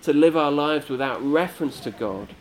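A man's voice: fairly high pitch, animated, moderate pace, a little hiss or hum. A man preaching a sermon to a congregation, earnest and emphatic, building his points through repeated phrases.

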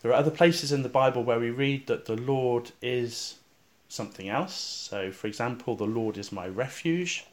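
Calm reflective male preacher. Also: medium pitch. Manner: calm and reflective, with slow pauses, dropping soft on repeated verses. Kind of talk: sermon leading a guided scripture meditation.

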